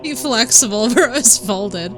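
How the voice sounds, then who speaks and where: This young woman's voice is a little high and fairly bright, with lively intonation and an unhurried pace. Streaming a game over background game music, she chats casually, trash-talking brashly and playfully with plenty of laughter.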